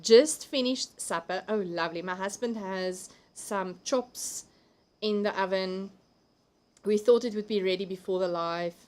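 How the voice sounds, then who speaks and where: A woman's voice: medium pitch, unhurried, darkish tone. Chatty South African woman hosting a stream. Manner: chatty, laughs often, reads comments aloud. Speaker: livestream host. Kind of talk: casual chat reading viewer comments.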